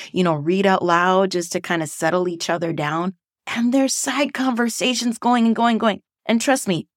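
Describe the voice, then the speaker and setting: A woman, a former teacher, hosting a casual reflective podcast monologue in a playful, animated way. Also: mid-range voice, dry recording, clean studio sound. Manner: playful and animated, acting out voices.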